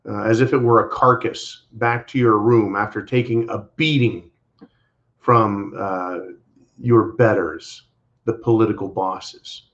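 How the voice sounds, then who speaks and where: A man co-hosting a livestream, giving casual political commentary in an emphatic, repetitive way and speaking to viewers as "folks". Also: mid-range voice. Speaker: livestream co-host. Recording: dull lo-fi livestream audio.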